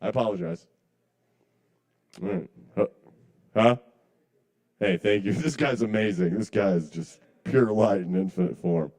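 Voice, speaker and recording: A man's voice: on the low side, measured pace, pauses often, a little mellow. A man doing stand-up comedy at a small bar's open mic night. He rambles, apologizes to the crowd and chuckles at his own jokes.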